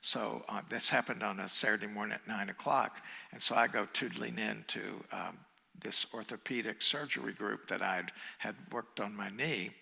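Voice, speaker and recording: A meditation teacher, a man, tells a story during a dharma talk in an easy, conversational way, with small chuckles and restarts. His voice is bright but husky, and a long hall reverb trails behind it. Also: lowish voice, normal speed. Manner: conversational, chuckling, restarts, drops to hushed emphasis.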